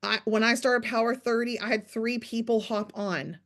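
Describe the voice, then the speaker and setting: A woman's voice: on the high side, steady tone, normal speed, a bit bright. Chatty motivational woman on a video call. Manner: chatty, direct, coaching with asides to listeners. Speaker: team leader hosting a morning business call. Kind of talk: casual motivational talk.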